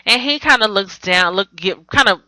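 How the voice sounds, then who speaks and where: Sassy, profane woman with a bright, crisp voice. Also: mid-range voice, animated, moderate pace, no room sound, low-quality recording. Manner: blunt, profane, sassy commentary; rambling with frequent self-corrections. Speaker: TV recap vlogger. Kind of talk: casual reality-TV recap.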